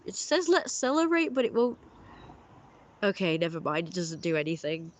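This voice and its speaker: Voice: mid-range voice, very animated, moderate pace. A livestream host chatting casually with viewers and reading their messages, rambling and often correcting themselves in a friendly way.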